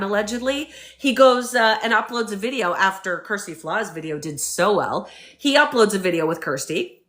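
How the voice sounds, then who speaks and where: A woman vlogger giving opinionated casual commentary in an animated, emphatic way, acting out the people she quotes. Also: medium pitch.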